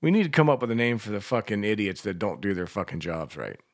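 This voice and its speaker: A man's voice: lowish voice, sing-song, quick pace. Crude joking male radio co-host. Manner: crude, joking, swears freely. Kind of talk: casual radio banter.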